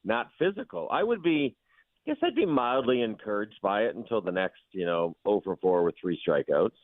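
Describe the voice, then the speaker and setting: A man giving quick, animated opinions as a guest on a sports radio show. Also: lowish voice, no echo. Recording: thin phone-line sound.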